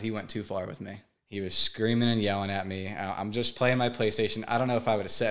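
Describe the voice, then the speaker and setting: A man in his twenties, a podcast guest, telling a painful personal story in a halting, emotional way, often repeating words. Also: lowish voice. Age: 20s.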